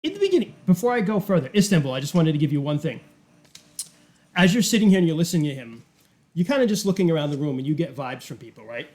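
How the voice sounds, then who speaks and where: Serving as game master for a tabletop role-playing game, this man narrates in a casual, rambling way packed with fillers. His voice sits on the high side, fast and expressive, with a darkish tone.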